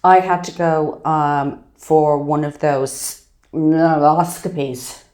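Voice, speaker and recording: A woman, co-hosting a casual comedy chat as a lively storyteller. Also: slow. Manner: lively storyteller, acts out quotes in high voices. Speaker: comedian and podcast co-host. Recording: roomy, echoey recording.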